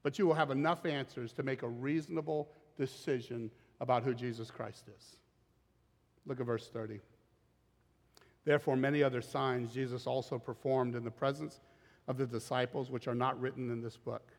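A man preaching a sermon as pastor, animated and acting out scripture quotes in dramatic voices. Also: mid-range voice, moderate pace. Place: church auditorium. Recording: long reverb of a large hall.

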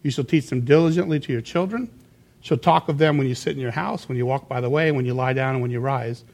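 A middle-aged man preaching a sermon as a pastor, telling stories and acting out quotes in a raised, lively voice. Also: medium pitch, fast, creaky. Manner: animated storytelling, acts out quotes in a raised voice.

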